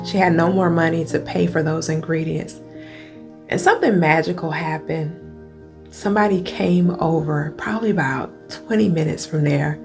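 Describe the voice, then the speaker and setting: A woman's voice: lowish voice, creaky. A middle-aged woman coach telling an emotional personal story, speaking straight to her viewers and holding back tears. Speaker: coach and video host. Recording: guitar music playing behind.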